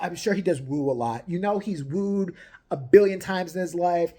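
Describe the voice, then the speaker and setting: A woman's voice: fairly low pitch, moderate pace, dark tone. A woman in a crude comedic rant, profane and mocking, on her own vlog. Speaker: vlogger.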